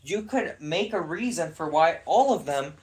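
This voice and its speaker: Casting: young man, slightly high voice, heated and sarcastic rant, swears freely. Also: expressive, a little slow. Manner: heated, profane, sarcastic ranting. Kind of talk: casual ranting chat.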